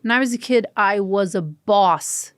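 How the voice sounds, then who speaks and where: A woman from New Jersey telling a comic story as a podcast guest, lively and acting out the people she quotes. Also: medium pitch, measured pace, no echo, clean studio sound. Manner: animated, acts out quoted voices. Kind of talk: comedic storytelling.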